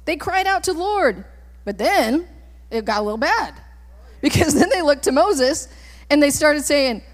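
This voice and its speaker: Brief: woman preacher, high voice, forceful repeated commands, church hall reverb. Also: big pitch swings, moderate pace. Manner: emphatic, repeating commands and rising to shouts. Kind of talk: sermon. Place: church sanctuary.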